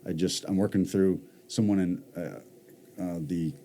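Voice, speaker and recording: A man's voice: deep voice, a little slow, dark tone. A man from Mississippi, a voice actor talking casually in a podcast interview. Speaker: voice actor guest.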